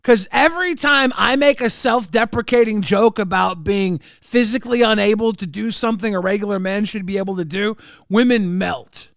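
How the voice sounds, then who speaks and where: A man's voice: sits high, moderate pace, creaky, fairly bright tone, no room sound, clean studio sound. A man co-hosting a crude, jokey commentary stream, laughing often and slipping into silly put-on voices. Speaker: co-host.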